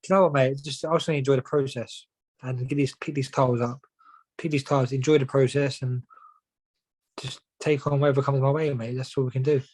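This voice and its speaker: Young man, quick-fire podcast guest, peppers every line with "mate". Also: mid-range voice, fairly even intonation, darkish tone, rough recording. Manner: rapid, says "mate" and "do you know what I mean" constantly. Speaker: professional boxer guest. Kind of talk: casual podcast chat.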